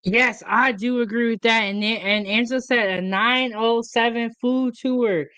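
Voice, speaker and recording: Woman from the United States, show host, casual curious chat, smooth voice, dry sound. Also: fairly high pitch, steady tone, measured pace, a bit bright, dry recording. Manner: friendly and curious, asks questions.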